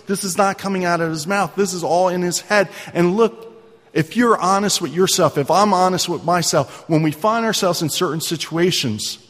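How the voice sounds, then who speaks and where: A man's voice: high-pitched, fairly bright tone. Male pastor, sermon, earnest and conversational, long hall reverb. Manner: conversational, earnest, asks the congregation questions.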